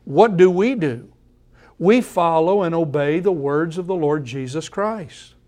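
A pastor delivers a sermon to his congregation, speaking at a measured, deliberate pace in a voice pitched slightly above the typical male range. He returns to the same phrases over and over to drive his point home. His delivery is animated yet mellow.

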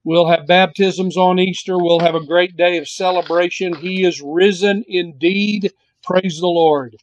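A man's voice: high-pitched, fairly even intonation, measured pace, lo-fi sound. A man preaching a sermon as pastor, earnest and repetitive, stretching out key words for emphasis.

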